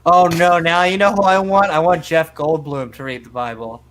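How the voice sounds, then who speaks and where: A woman hosting a casual podcast panel chat, lively and joking. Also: on the low side, moderate pace. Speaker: podcast host.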